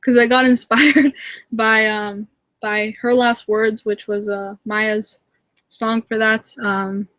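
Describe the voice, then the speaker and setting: A giggly young woman chats casually into her webcam at home, her voice sitting a little high. She speaks with many fillers and quick restarts, and the sound is close and dry with no room echo. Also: flat delivery, fairly bright tone. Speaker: channel host answering viewer comments. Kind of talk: casual live hangout chat. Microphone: webcam in a live video hangout.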